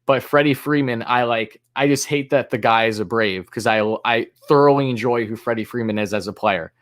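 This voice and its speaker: Man, fan stream host, announcer-style play calls, casual chatty answers, medium pitch. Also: fairly quick, fairly bright tone. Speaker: livestream host and fan commentator. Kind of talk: live play-by-play mixed with casual chat.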